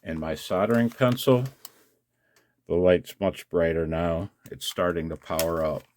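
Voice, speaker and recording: A man's voice: sits low, steady tone, measured pace, darkish tone. A tired man, up late at night, casually demonstrating a hobby device and chatting to the viewer with questions and chuckles.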